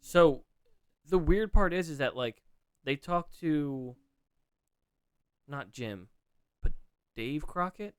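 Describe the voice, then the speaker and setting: Smooth-voiced man rambling casually. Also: fairly high pitch, lively intonation, slow, pauses often, no room sound. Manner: rambling, many restarts and fillers. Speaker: podcast co-host. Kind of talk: casual chat.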